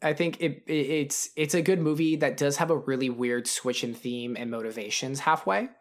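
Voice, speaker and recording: A man's voice: a little high, normal speed. A man co-hosting a podcast, chatting casually about films, rambling with many restarts and fillers. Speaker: podcast co-host.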